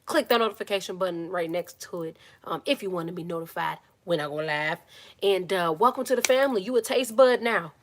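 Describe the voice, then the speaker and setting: There's a slight hiss or hum as a woman with a lowish, brisk voice runs a casual live Q&A from her phone in a small closet at home. She's animated and talkative, greets viewers by name, and mutters soft asides.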